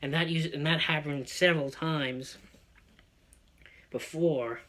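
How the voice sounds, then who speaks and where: Male vlogger, excitable profane ranter, bright and fairly high voice. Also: slow. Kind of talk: personal rant monologue.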